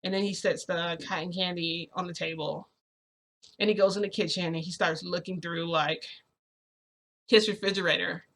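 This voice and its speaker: A woman vlogger casually telling her viewers a long personal story, chatty and full of fillers, getting excited as she goes. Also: lowish voice, normal speed. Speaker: vlogger recounting a reality shift.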